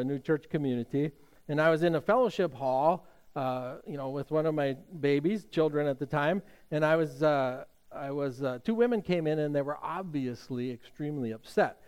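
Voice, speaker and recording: A middle-aged man delivers a sermon from the pulpit, his voice sitting slightly high for a man. He tells stories conversationally, pausing on fillers and restarting his sentences as he goes. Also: a little mellow. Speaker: pastor.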